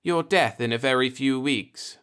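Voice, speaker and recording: A man reading the part of a polite, measured male alien in an audiobook, speaking with calm formality. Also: medium pitch, clean tone, close to an everyday voice. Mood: politely calm.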